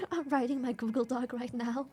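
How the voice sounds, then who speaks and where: Brief: high, lively woman streamer, giggly teasing banter, faint music behind. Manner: giggly, teasing, swears freely. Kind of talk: casual live-stream chat.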